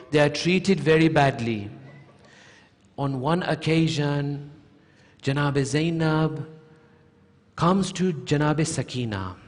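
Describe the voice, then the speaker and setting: Slow, high-voiced man preaching a lament. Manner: slow recited storytelling, rising to high emotional pleading in quotes. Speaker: sheikh giving a majlis lecture. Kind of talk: emotional mourning sermon. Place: large mosque hall. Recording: long hall reverb.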